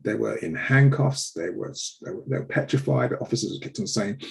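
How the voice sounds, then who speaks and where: Gravelly, impassioned man recounting a story. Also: medium pitch, a little fast, hardly any pauses, poor audio. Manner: impassioned, repeats words when upset. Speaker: radio show host. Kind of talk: personal storytelling on a live show.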